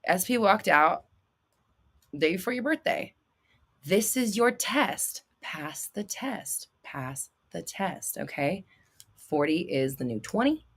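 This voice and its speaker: A woman's voice: on the low side, lively intonation, takes it slowly, a bit bright, husky. A woman in her thirties hosting a livestream, answering viewers' questions with blunt, swearing, dramatic outbursts and laughter. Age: 30s. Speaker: host.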